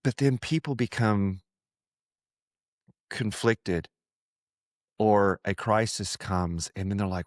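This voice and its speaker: On a clean, dry studio recording, a man with a lowish voice takes his time, pausing often, as he hosts a podcast about faith. He's earnest and chatty, circling back to repeat himself and doing voices when he quotes others.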